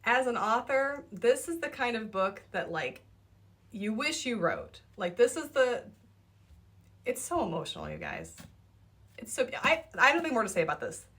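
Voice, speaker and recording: A woman's voice: on the high side, wildly swooping pitch, moderate pace, a bit bright, breathy edge. Young woman book vlogger, casual and enthusiastic, piles on emphasis. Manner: enthusiastic and gushing, repeats herself for emphasis. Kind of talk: casual book review vlog.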